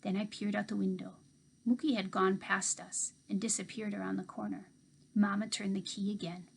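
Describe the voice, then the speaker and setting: A woman teacher reading a children's novel aloud in expressive first-person storytelling. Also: mid-range voice, moderate pace, gravelly, slight background noise.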